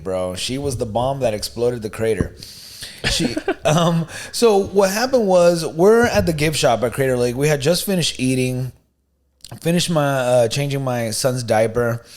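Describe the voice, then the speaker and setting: A man co-hosting a podcast, telling a story in a casual, animated, slangy way. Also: medium pitch. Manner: animated, slangy, "you know what I mean", "bro". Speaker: podcast co-host.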